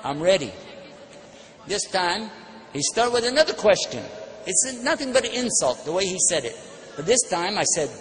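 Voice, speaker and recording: A man giving an animated religious lecture, telling personal stories and acting out the dialogue. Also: high voice, moderate pace, long pauses. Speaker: Islamic speaker. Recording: long hall reverb, faint background noise.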